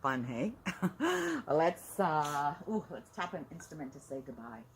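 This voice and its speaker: Animated woman telling a children's story. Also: low voice, a little slow, gravelly. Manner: animated, gasping, asks the listeners questions. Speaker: early-years educator. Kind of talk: children's storytelling with counting and songs. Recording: background hiss.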